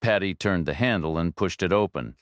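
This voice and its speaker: Low-voiced male audiobook narrator. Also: lively intonation, fairly quick, no echo. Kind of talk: scripted narration. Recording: dry close studio read.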